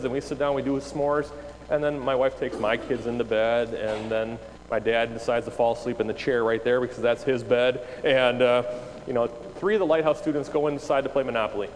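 Animated male pastor in a reverberant hall. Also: medium pitch. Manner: animated storyteller acting out quoted dialogue. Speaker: youth pastor. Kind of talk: storytelling talk to an audience. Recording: reverberant hall with faint noise.

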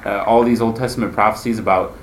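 A man's voice: fairly low pitch, fairly even intonation, fast, slight background noise. A man teaching a Bible class in a conversational way, asking his listeners questions as he explains.

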